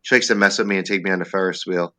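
A man telling a comic story as a podcast guest, acting out his own panic in a lively, animated way. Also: low-pitched, racing, dry recording. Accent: New Jersey. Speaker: stand-up comedian, guest.

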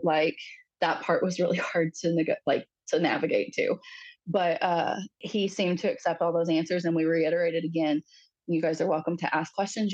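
Husky-voiced woman telling a personal story. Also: deep voice, darkish tone, no room sound, dull audio. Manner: halting, frequent fillers, acts out quoted voices. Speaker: podcast guest.

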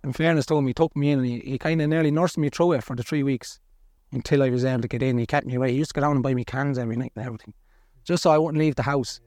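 A man's voice: medium pitch, fairly even intonation, racing, a little mellow, no echo, studio quality. Earnest Irish man recounting hard times. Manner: earnest, blunt, colloquial. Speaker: podcast guest. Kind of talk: candid personal storytelling.

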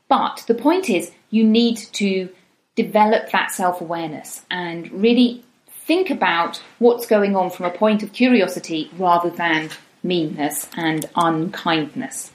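A woman's voice: fairly low pitch, moderate pace. A woman coach giving encouraging advice, slipping into little spoken quotes of what you might tell yourself. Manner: encouraging, acts out inner voices in quotes. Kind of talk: advice talk to camera. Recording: roomy echo.

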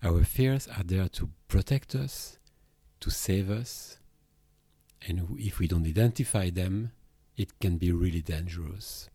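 A Belgian man with a French accent talks through a solo podcast as a therapist, thoughtful and a little halting. His voice sits low and mellow. The sound is close and dry, with no room around it. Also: breathy edge, no echo. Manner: reflective, with hesitations and restarts. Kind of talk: podcast monologue on emotions.

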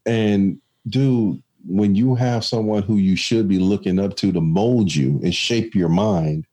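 A man's voice: on the low side, a little slow, dark tone, husky. A man in casual conversation, reflective and storytelling, with many restarts.

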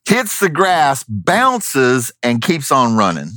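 In a casual chat, a man tells a story and acts out the voices of the people in it, keeping it animated. His voice sits at medium pitch, he takes his time, and there's no room sound.

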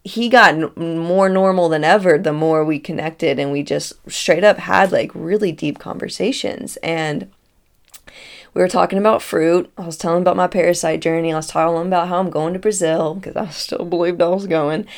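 A woman, telling a personal story in a casual, animated way, acting out dialogue and laughing often. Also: fairly low pitch, moderate pace. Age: 30s.

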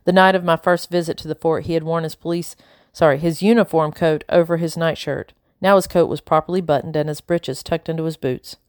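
A woman narrating a novel in the first person, measured and unhurried. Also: low-pitched, steady tone, a little mellow, no room sound, clean studio sound. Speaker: audiobook narrator.

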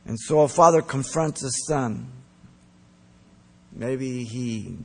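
A man preaching a sermon, earnest and emphatic, pressing his points hard and then dropping soft. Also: mid-range voice, animated, slow, creaky, breathy edge. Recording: long reverb of a large hall.

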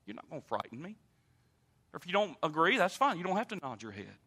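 A man preaching a sermon, emphatic and animated, speaking straight to the congregation. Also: a little high, fast, husky. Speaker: pastor.

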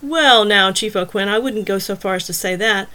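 Casting note: a menacing, mocking male kidnapper in an audiobook, smooth and unhurried in manner, his lines rising a little above the reader's own pitch, read by a woman. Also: sharp tone, natural voice. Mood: taunting.

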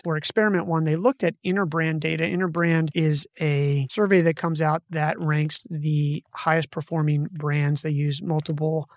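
A podcast host with a slightly high voice casually walks through a research study from his notes, keeping it conversational and correcting himself as he goes. The recording is dry, with clean studio sound.

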